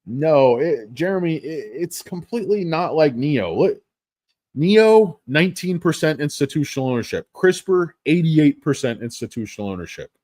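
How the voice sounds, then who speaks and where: A man's voice: on the high side, lively intonation, moderate pace, a little mellow, no room sound, studio quality. A middle-aged man talking stocks on a casual livestream, rambling, swearing often and mocking himself. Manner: rambling, profane, self-mocking. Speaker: stock market streamer.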